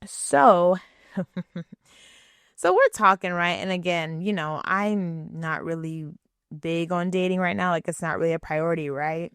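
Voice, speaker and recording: A woman's voice: lowish voice, unhurried, a bit bright, smooth, no echo, studio quality. A woman hosting her own podcast, talking through a personal story in a chatty, casual way and often checking in with "right?". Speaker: podcast host. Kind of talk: casual solo podcast monologue.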